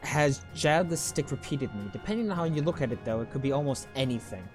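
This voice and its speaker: A man reads game text aloud in an easygoing let's play manner, with a middle-pitched voice. He trips over a word now and then and goes back to fix it. Faint music plays behind him. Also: lively intonation, fast talker. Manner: casual, stumbles over words.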